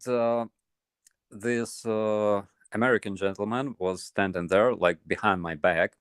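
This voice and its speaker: A man with a Ukrainian accent tells a story in casual chat, hesitant and full of pauses and fillers. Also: deep voice, fairly bright tone, smooth, no room sound, studio quality. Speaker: guest soldier.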